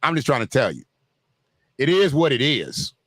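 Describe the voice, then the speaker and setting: A man's voice: medium pitch, huge pitch swings, normal speed, a bit bright, no echo. A man hosting a livestream, talking straight to his viewers in a loose, joking, conversational way. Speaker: livestream host. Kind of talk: casual livestream commentary.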